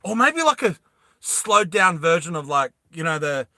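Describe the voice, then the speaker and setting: A man casually retelling a movie plot, animated and rambling, often laughing. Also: fairly high pitch, moderate pace, no echo, clean studio sound. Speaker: storyteller.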